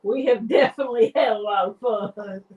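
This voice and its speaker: A woman's voice: a little high, normal speed, husky, phone-quality sound. A woman chatting casually with friends, telling teasing stories and laughing often. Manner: giggly, teasing storyteller. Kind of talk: casual chat among friends.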